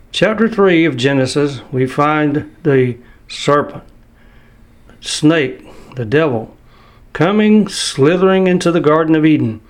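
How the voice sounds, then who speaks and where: An older man preaching a sermon, reading scripture slowly and with emphasis. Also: on the high side.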